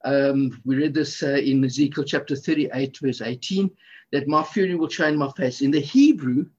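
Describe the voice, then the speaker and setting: A man preaching a fervent, excitable sermon. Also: medium pitch, normal speed, husky, dull audio.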